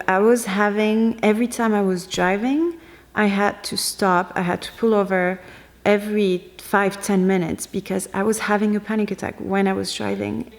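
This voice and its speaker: A young woman tells her own story in a personal vlog, and her voice has a mid-range pitch. She speaks in an emotional, halting way, stopping and restarting often. A long reverb hangs behind her in the room. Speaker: vlogger.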